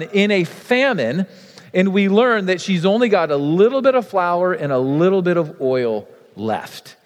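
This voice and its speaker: A male pastor preaching a sermon in a casual, animated way, full of fillers. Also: high voice, in a large hall.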